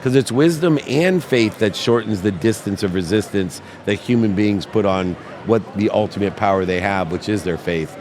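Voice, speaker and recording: A man telling a personal story as a podcast guest, animated and heartfelt, now and then acting out the voices of the people in his story. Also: fairly low pitch, normal speed, few pauses, a little hiss or hum. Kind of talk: emotional storytelling.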